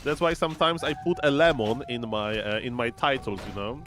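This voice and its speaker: A man's voice: medium pitch, expressive, fairly quick, a bit bright, soft background music. Playful, chatty male esports caster. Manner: playful, chatty, exclaims and reads chat aloud. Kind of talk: casual live-stream game commentary.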